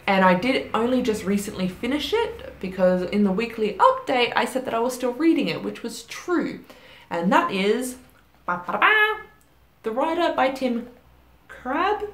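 Young woman, book vlogger, casual chatty wrap-up, self-deprecating, echoey room. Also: medium pitch. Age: young adult. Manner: chatty and self-deprecating, with frequent fillers and laughs. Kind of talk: casual monthly reading wrap-up vlog.

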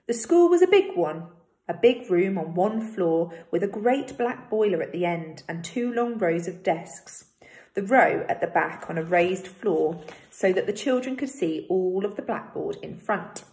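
A woman teacher reading a novel aloud to her pupils in a steady, expressive voice. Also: lowish voice. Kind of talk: read-aloud storytelling. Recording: roomy echo.

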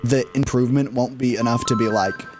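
Brief: male streamer, mid-pitched, rambling and chatty, game music faint underneath. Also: fairly even intonation, quick pace. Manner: rambling, restarts a lot, laughs and rants. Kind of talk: casual gameplay commentary.

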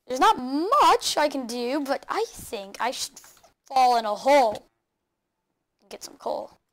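A woman hosting a video game let's play, excitable, chattering to the game animals and laughing often. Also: sits high, a little slow. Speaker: gaming channel host.

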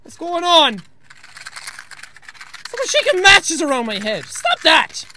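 A young Irish man giving loud, panicky let's-play commentary, yelping, laughing and swearing at a scary game. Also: very high voice, huge pitch swings, slow pace, a little hiss or hum. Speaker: gaming video host.

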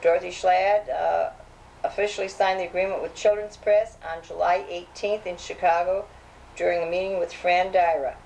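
A woman's voice: fairly low pitch, little pitch movement, normal speed, gravelly, a little mellow, slight background noise, low-quality recording. An older woman reminiscing as she reads old clippings aloud, chatty and hesitant, with frequent restarts. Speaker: safety program founder.

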